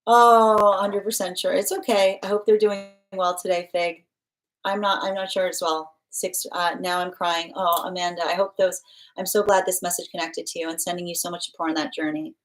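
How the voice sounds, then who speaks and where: A woman with a somewhat low voice hosts a live tarot stream. She talks casually and affectionately, thanking viewers and reading out their comments. When she turns to the cards, she rambles and pads her talk with fillers. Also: fairly even intonation, moderate pace, rough recording. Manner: chatty, warm-hearted, reads comments aloud. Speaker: tarot reader.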